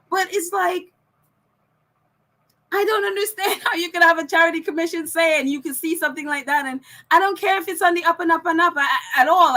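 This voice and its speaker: Woman podcast host, high and bright, chatty ranting delivery with lots of laughs. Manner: ranting, laughs often between phrases. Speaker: podcast host reading viewer comments. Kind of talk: casual opinion chat.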